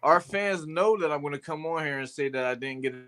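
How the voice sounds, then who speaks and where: A man's voice: fairly high pitch, a little fast, fairly bright tone. A man co-hosting a casual talk show, laid-back and using slang and casual swearing. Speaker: co-host. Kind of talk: casual chat.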